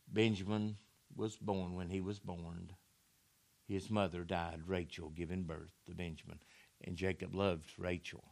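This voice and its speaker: A man's voice: sits low, creaky, a bit bright. A man preaching a sermon, telling scripture stories in a folksy way with emphatic rises and drops.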